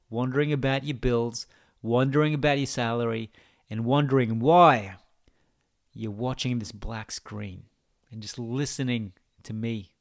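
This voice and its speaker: A man with an Australian accent and a medium-pitched voice makes gaming videos. Here he delivers a rambling, mock-philosophical monologue that teases the viewer.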